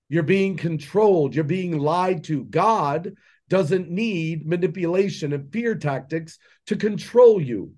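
This man speaks in a notably high register for a male voice. He delivers a fervent, preachy monologue as a podcast guest, piling up rhetorical questions to drive his point home. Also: darkish tone. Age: adult with children. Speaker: podcast guest, entrepreneur and mentor. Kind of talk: impassioned conversational monologue.

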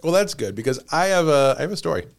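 A man's voice: a little high, big pitch swings, fast, gravelly. A man hosting a comedy podcast, telling a story in playful casual chat and laughing often. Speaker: podcast host.

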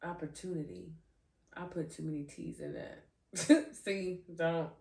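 A woman hosting a faith podcast, animated and giggly, often restarting and repeating her phrases as she trips over words. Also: on the low side, takes it slowly, gravelly, recorded from a distance. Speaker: podcast host. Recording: roomy echo, voice off-mic.

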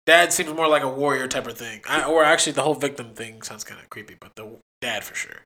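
A man's voice: medium pitch, fast talker. A man chatting on a casual podcast, answering quiz questions with lots of laughter and slang. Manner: excitable, laughs often, slangy. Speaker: podcast co-host, quiz contestant.

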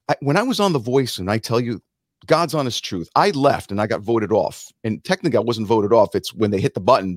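A middle-aged man talks with animated swings in pitch, preaching about facing fear and acting out little quotes in other voices. His voice is recorded close and dry, with no room sound. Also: no room sound. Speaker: podcast guest, musician. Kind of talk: motivational interview talk.

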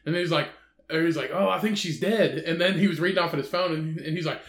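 A man co-hosting a podcast, chatting casually with crude jokes and animated storytelling. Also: on the high side, fast talker, roomy sound. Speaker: podcast co-host. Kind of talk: casual chat.

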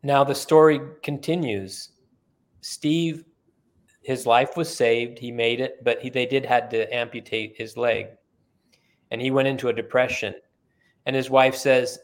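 A man's voice: mid-range voice, steady tone, a little slow. Middle-aged man telling a story. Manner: earnest storyteller who acts out quoted dialogue. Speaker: podcast guest. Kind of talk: storytelling in conversation.

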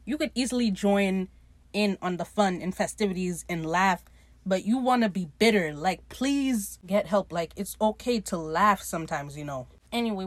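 A woman's voice: fairly low pitch, dry recording. A woman hosting her own show, giving casual, blunt commentary on a TV episode with sassy, profane asides. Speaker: podcast host reviewing a TV episode.

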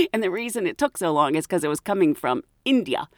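A woman who works as a flight attendant tells a funny work story as a podcast host, animated and laughing often. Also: lowish voice, fast talker, no echo, studio quality. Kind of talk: casual storytelling chat.

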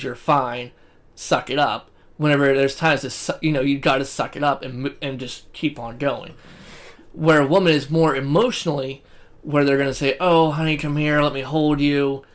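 A man co-hosting a podcast in casual chat, rambling and swearing freely. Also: mid-range voice. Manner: rambling and profane. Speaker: podcast co-host.

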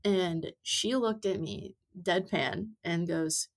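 Speaking slowly in a lowish voice, a podcast guest in her twenties who rides as an amateur chats through her stories, leaning on plenty of fillers.

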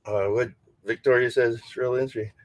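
A male podcast host in casual conversation, his voice sitting at an ordinary middle pitch. He talks haltingly, with frequent fillers and restarts. The sound is dry and close, with no room echo. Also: steady tone. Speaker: podcast host, paranormal investigator. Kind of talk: casual chat.

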